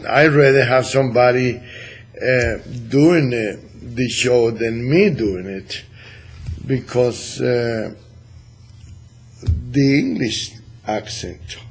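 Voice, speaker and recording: Cuban-accented man, slow halting talk. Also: mid-range voice, lively intonation, soft background music, rough recording. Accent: Cuban Spanish. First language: Spanish. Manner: halting, many pauses and fillers. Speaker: radio show host. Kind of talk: casual studio chat.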